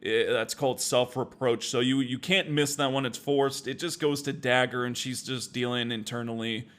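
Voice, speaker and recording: A man co-hosting a casual video game podcast, talking through a walkthrough in a laid-back way, chuckling often and getting animated when he jokes. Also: mid-range voice, normal speed. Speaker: podcast co-host.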